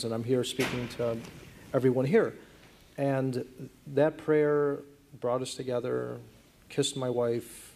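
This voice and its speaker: A man in his thirties speaks as a guest in a conference interview, at an ordinary pitch for a man. He tells a personal story earnestly, in halting phrases with frequent restarts. Faint room noise sits under his voice. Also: dark tone.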